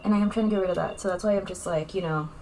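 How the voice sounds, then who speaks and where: A woman's voice: on the low side, racing, very noisy. A young woman chatting casually in a makeup vlog, rambling and candid, with lots of fillers as she talks. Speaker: vlogger.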